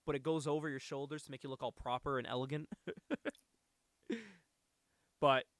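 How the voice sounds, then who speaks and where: A man hosting a podcast, recapping a movie in casual chat, animated and laughing often with casual swearing. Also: medium pitch, normal speed, dry recording. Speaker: podcast host.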